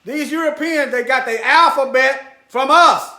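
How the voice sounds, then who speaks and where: A man's voice: very high-pitched, a little slow, bright, forceful tone, echoey room. A man giving preachy commentary over a screen share. He talks straight to his viewers, repeats phrases for emphasis, and mutters asides while he searches.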